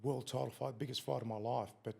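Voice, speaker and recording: As a guest on a podcast interview, a middle-aged Australian former fighter tells a story in a relaxed way, cursing freely and performing the quotes. His voice is medium-pitched, steady, darkish and slightly rough with vocal fry, and he speaks quickly.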